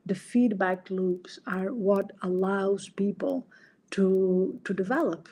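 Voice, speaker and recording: A woman's voice: medium pitch, dark tone, husky. A middle-aged woman coach and podcast host, explaining ideas in an earnest, casual way and sometimes acting out quoted dialogue.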